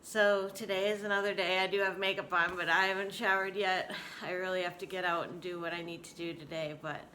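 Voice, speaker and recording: Candid woman in her forties, bright voice. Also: on the low side, level tone, a little fast, a little hiss or hum. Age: 40s. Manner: candid, emotional, laughing often. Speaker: vlogger. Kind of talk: casual personal vlog talk.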